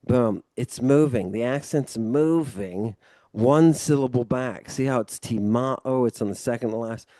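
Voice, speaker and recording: A man tutors one student in a relaxed, explanatory way, walking through each point and checking in with a quick "right?" His voice is warm and mellow, sitting in the middle of the male range. The recording is close and dry. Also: medium pitch, no echo. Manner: casual and loose, with mild swearing. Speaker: Ancient Greek tutor. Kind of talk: one-on-one language lesson.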